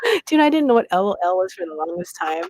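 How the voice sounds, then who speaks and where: A woman's voice: medium pitch, sing-song, fast, darkish tone, dry recording, poor audio. A middle-aged woman from Hawaii hosting a live bead shop demo, chatting, laughing and sometimes whispering. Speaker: livestream host at a bead shop.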